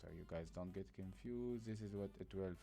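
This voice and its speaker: A man with a very low voice talks through a game map in loose, casual tutorial style. He sounds sleepy, like he just woke up, and he is blunt and rambling, leaning on fillers between points. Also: normal speed, warm tone, faint music behind. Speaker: gaming guide creator. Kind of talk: casual gameplay tutorial commentary.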